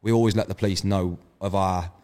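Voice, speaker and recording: A low-pitched, mellow voice with a steady tone carries this podcast guest's brisk chat. He organises events and recounts cocky, curse-filled road-trip stories.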